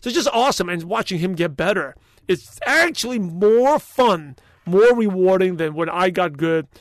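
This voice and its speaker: A man with a high-pitched voice hosts a solo podcast, recorded dry and close. He talks in an emphatic, motivational way, rambling and restarting his sentences as he goes. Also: lively intonation, normal speed, no echo. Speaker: podcast host.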